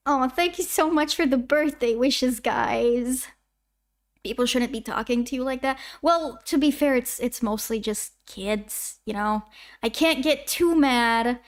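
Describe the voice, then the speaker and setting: A woman's voice: sits high, unhurried. A twenty-year-old woman from Canada, a YouTube animator, chatting casually on a livestream as she answers chat questions in a rambling way. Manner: chatty, rambling, self-interrupting.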